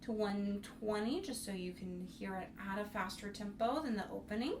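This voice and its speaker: A woman's voice: medium pitch, moderate pace. A woman teaching young students a piece, speaking in an encouraging way and singing rhythms on syllables to show them. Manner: sings rhythms on syllables to demonstrate. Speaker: bassoon instructor. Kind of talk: music tutorial. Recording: roomy, mic at a distance, faint noise.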